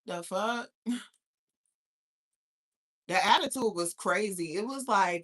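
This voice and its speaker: Young woman from new york ranting on her live, swears nonstop, bright voice. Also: mid-range voice, slow, long pauses. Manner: profane, animated, talks back to chat. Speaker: livestream host. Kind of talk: casual livestream rant.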